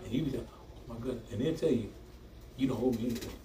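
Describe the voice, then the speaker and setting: A man's voice: medium pitch, fast. A man preaching a sermon, talking back and forth with the congregation and laughing often. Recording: echoey room from far off, noisy.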